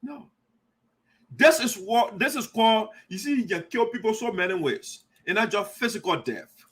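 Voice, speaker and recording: A man's voice: high voice, animated, moderate pace, a bit bright, breathy edge. A man hosting an online radio show, giving heated, repetitive political commentary and calling the listener "my brother.". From Liberia.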